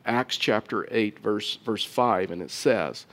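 Earnest male pastor preaching. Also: fairly low pitch. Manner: earnest preaching, stumbling restarts, rises louder and quicker near the close. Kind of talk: sermon.

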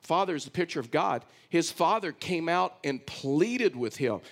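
A man's voice: a little high, lively intonation, moderate pace, gravelly. A man from Texas with a Texan accent, preaching a conversational, storytelling sermon as pastor.

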